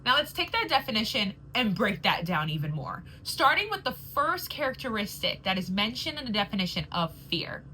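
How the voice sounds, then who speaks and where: A woman hosting a faith-based podcast, talking in an earnest, encouraging way and slowing down to dwell on key words. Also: mid-range voice, sing-song, bright, forceful tone, a little hiss or hum, rough recording. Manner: slow, deliberate, lingering on key words. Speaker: podcast host. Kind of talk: reflective faith-based monologue.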